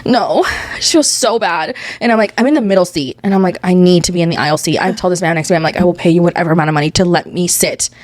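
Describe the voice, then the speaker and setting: Fast-talking, profane woman telling a story. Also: on the low side, no echo. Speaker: podcast co-host. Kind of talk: casual chat, storytelling.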